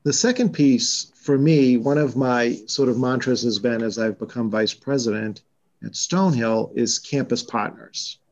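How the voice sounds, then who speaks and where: Man, Boston accent, fundraising exec on a podcast, measured, slightly dull sound. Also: mid-range voice, darkish tone. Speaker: college fundraising vice president. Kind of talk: podcast conversation.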